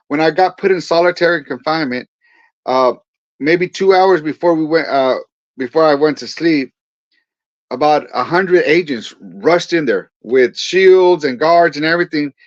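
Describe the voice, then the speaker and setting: His voice runs on the high side at a normal speed as he earnestly tells his testimony with quoted dialogue. He's a guest, a pastor and veteran in his forties from California's Central Valley, captured in a slightly dull, dry recording without room sound.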